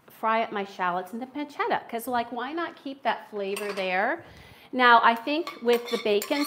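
A woman from the United States talks her way through a casual cooking livestream in her home kitchen, chatty and a little self-deprecating. Her voice sits at an ordinary middle pitch. Faint clinks of dishes and pans sound behind her. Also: a bit bright, slight background noise. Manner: chatty and self-deprecating, talking while she cooks.

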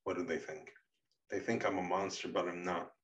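A man reading aloud voices a shy, wounded, childlike young man who pleads in a shaky, hushed way. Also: low-pitched, steady tone, normal speed. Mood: frightened. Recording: muffled, distant mic.

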